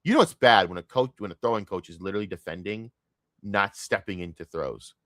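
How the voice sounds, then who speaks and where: A man's voice: on the low side, brisk, fairly bright tone, dry recording, studio quality. A young man streaming a casual, profane sports rant, heated and rambling.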